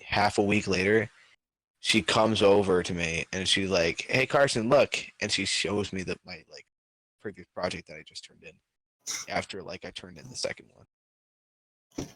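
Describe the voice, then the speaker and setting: Low-pitched male podcast co-host, rambling casual storyteller, dry close sound. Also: steady tone, measured pace, pauses often, fairly bright tone, no room sound. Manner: rambling storyteller, many filler words. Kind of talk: casual chat.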